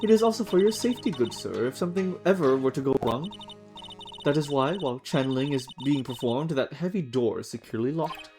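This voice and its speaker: A man doing a stern older woman medium, stiff and overly polite, with a lively, rising and falling delivery. She sounds like a game character addressing a guest with chilly formality. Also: medium pitch, fairly quick, over music, lightly acted. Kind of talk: reading game dialogue aloud on stream.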